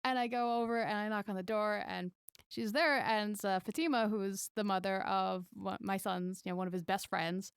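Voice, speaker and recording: A woman's voice: medium pitch, normal speed, clear, resonant tone, dry recording, studio quality. A woman guest on a podcast, telling campaign stories in a chatty, rambling way with lots of fillers. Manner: chatty storyteller, many "like" fillers. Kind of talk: casual podcast chat.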